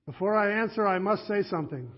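God himself, done by a male preacher, speaking grandly with a Yiddish-tinged lilt. The voice is pitched high for a man. The sound is dull and lo-fi. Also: expressive, quick pace. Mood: grand, exasperated. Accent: Yiddish-inflected put-on accent. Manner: grand, then complaining "oy vey". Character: booming God speaking from above.

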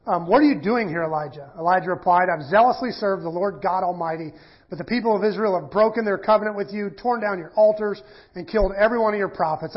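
A preacher with a high-pitched, breathy voice teaches a sermon conversationally, reading scripture aloud and unpacking it with fillers and restarts. The sermon recording sounds dull and lo-fi.

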